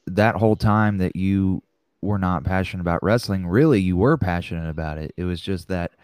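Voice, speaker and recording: Deep smooth-voiced guy, dry close sound, kinda hesitant, lots of um and you know. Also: a little fast, darkish tone, dry recording. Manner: hesitant, searching for words. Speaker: podcast guest. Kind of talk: casual chat.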